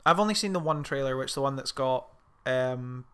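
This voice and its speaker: A man chatting casually, animated and sweary as he rants about a film. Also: mid-range voice, brisk, clean tone. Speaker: film podcast co-host. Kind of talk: casual chat.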